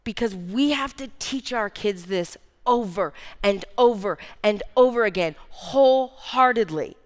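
A woman's voice: mid-range voice, expressive, unhurried. A woman in her thirties preaching a sermon, earnest and emphatic, repeating key phrases. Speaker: speaker preaching. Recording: long reverb of a large hall.

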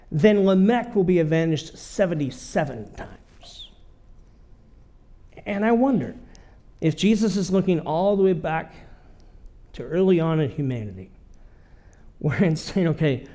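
A man's voice: high voice, darkish tone. A man preaching a sermon in a conversational way, often checking in with his listeners. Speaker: pastor.

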